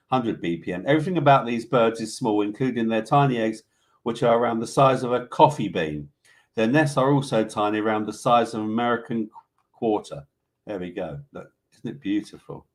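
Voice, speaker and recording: A British man hosting a casual live online show, reading out animal facts and viewer comments in a chatty, joking way. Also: mid-range voice. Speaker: host. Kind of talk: casual live-stream chat.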